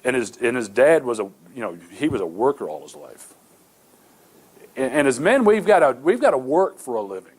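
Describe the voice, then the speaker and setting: A man's voice: mid-range voice, very animated, moderate pace, a little mellow, breathy edge. A middle-aged male pastor preaching a sermon, telling stories earnestly with many repeated restarts.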